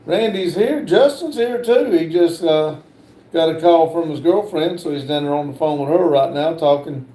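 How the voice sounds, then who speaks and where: A middle-aged man hosting a casual livestream, reading viewer comments aloud in a slow, halting way with many "uh" fillers. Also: fairly high pitch, mellow, roomy sound. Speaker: livestream host.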